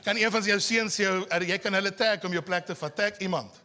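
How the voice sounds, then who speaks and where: A man from South Africa with an Afrikaans South African accent, preaching a sermon at a church service in an animated, teasing way, slowing his words for emphasis. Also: high voice, a crowd in the background, noisy background. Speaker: pastor.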